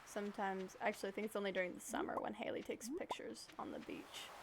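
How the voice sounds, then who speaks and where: A woman's voice: mid-range voice, sing-song, fast, vocal fry, heavy background noise. A woman streamer giving casual, rambling gameplay commentary, often correcting herself as she talks. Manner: chatty, rambling, self-correcting. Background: game music.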